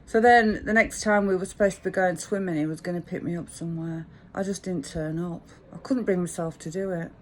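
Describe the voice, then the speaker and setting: A woman's voice: lowish voice, fairly even intonation, a little fast, few pauses. A woman, telling a rambling, frank anecdote in a chatty way. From English Midlands. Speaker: vlogger. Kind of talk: casual storytelling monologue.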